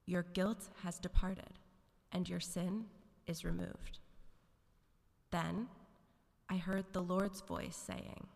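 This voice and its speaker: Woman reading scripture in church, slow deliberate dramatic delivery, lowish voice, long hall reverb. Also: little pitch movement, vocal fry, darkish tone. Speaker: scripture reader. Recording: reverberant sanctuary.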